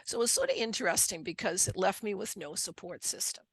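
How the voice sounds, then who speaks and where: An older woman with a Boston accent tells her personal story as an interview guest, earnest and unhurried, often restarting and repeating words. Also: mid-range voice, huge pitch swings, husky, no room sound.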